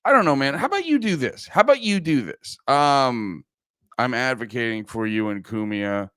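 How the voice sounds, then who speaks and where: A man's voice: medium pitch, animated, normal speed, fairly bright tone, clean tone, no room sound, clean studio sound. A man hosting a livestreamed podcast, chatting loosely and profanely with his viewers and sounding a little groggy. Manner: rambling, profane, talks to chat. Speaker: podcast host. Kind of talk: casual livestream chat.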